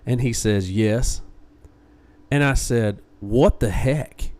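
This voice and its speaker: A man hosting a podcast, excitable as he tells a story. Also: mid-range voice, takes it slowly. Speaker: podcast host. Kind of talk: casual chat.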